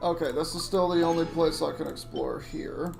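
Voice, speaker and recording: A man with a gravelly, slightly high voice chats casually through a livestream, reacting aloud to the game as he plays. Game music runs quietly underneath. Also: fairly even intonation, moderate pace. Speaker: streamer. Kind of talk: casual gameplay commentary.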